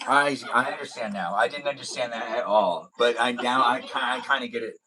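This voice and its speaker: A man hosts a loose live stream chat at an ordinary middle pitch. He rambles, restarts his thoughts and keeps repeating his own pet phrases. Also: a little fast, pushed and bright, poor audio.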